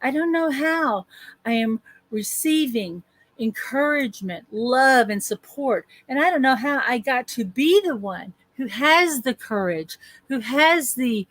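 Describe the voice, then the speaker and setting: Woman life coach, fairly high voice, guiding listeners through slow repeated affirmations, dry close sound. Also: animated, fairly bright tone, dry recording. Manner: slow, drawn-out spoken affirmations with repeated phrases. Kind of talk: guided affirmation session on a group call.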